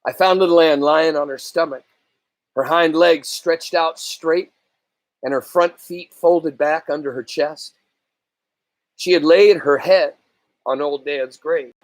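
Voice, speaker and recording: A man reading a novel aloud in a slow, earnest storytelling manner. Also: on the high side, dry recording. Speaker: reader.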